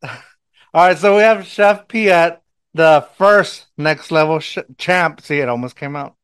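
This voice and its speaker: A man with a Mexican accent hosting a podcast in casual chat, excitable and rambling, laughing often and restarting sentences. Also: fairly high pitch, unhurried, clear, resonant tone, dry recording, studio quality. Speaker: podcast host.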